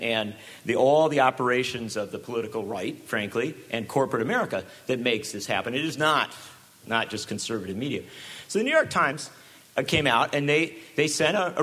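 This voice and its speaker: A man giving a public talk to an audience, telling stories with sarcastic, animated delivery. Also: fairly high pitch. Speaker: speaker.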